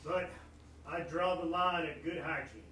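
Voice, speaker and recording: A man's voice: a little high, fairly even intonation, measured pace, pushed and bright, a little hiss or hum. A man playing a fussy old roller-rink janitor with a bad hip, in a put-on Southern drawl that keeps slipping. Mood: earnest. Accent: put-on American Southern. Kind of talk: live improv comedy. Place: theater stage. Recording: echoey live stage, distant mic.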